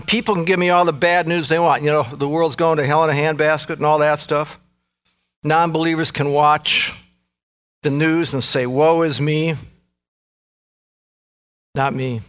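A male pastor preaching a sermon with an emphatic, repetitive cadence, swinging from loud peaks to low intensity.

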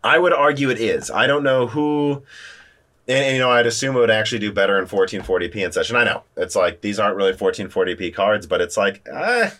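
A man hosting a casual tech chat, animated and talking through quick restarts. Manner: animated, talks through restarts, lively pitch jumps. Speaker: podcast host.

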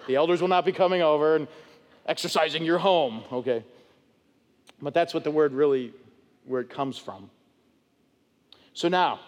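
A man preaching an expository sermon as pastor, animated and acting out voices of people in the story. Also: on the high side, in a large hall. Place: church sanctuary.

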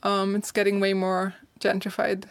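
A woman's voice: medium pitch, completely flat delivery, normal speed, vocal fry, smooth. A young adult woman from Germany, talking casually as an interview guest, laughing often and filling her speech with "like". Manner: chatty, laughs often, many "like" fillers. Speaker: guest, author and course teacher.

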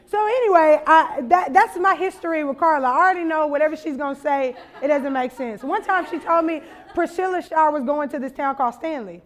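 Brief: young woman, high voice, storytelling preacher, animated and laughing. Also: brisk, few pauses. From Louisiana. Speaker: conference speaker. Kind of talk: storytelling sermon.

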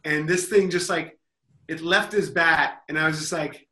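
A man with a bright, forceful voice spins a rambling comic story on a podcast panel. He sits slightly high in pitch and sounds amused with himself, stacking asides and restarts. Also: steady tone, normal speed. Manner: rambling, self-amused, acts out loud mock quotes.

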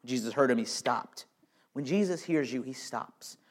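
A man preaching a sermon with emphasis, swinging between quiet, intimate lines and loud, raised passages, and often repeating words as he restarts. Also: mid-range voice, expressive, normal speed. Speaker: pastor.

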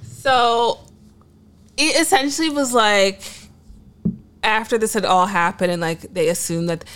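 A woman's voice: medium pitch, measured pace, fairly bright tone, clear, resonant tone. A woman co-hosting a casual chat, frank and opinionated, sometimes reflective. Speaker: podcast co-host.

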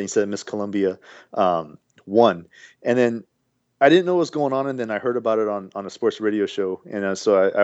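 A man co-hosting a podcast, rambling and animated in casual banter, full of restarts. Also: fairly low pitch, dry recording, highs cut off. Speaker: podcast co-host.

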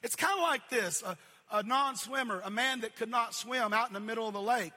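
A man preaching a sermon as pastor, building repeated phrases up to shouts and then dropping to a low, quiet delivery. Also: brisk. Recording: long reverb of a large hall.

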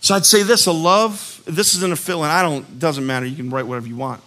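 A man's voice: a little high, steady tone, brisk, pushed and bright. A man preaching a sermon as a pastor, conversational and earnest, telling stories and acting out quotes with emphasis. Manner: conversational, storytelling with acted-out quotes.

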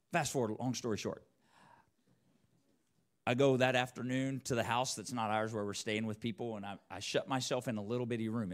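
A preacher telling a personal story in a church sermon, acting out both sides of the conversations. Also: male voice, on the low side. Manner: animated, acts out both sides of dialogue. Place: church sanctuary.

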